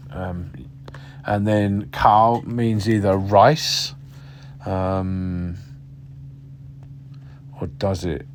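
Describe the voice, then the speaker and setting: A man's voice: fairly low pitch, darkish tone, slight background noise. A man giving a casual beginner lesson, chatty and self-correcting, drilling syllables aloud. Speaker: language teacher.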